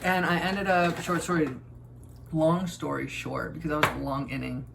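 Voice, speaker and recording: A man's voice: on the high side, flat delivery, moderate pace, gravelly, very noisy. A young man, a youth ministry leader, chatting casually while cooking and telling a rambling story. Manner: laid-back, rambling storyteller.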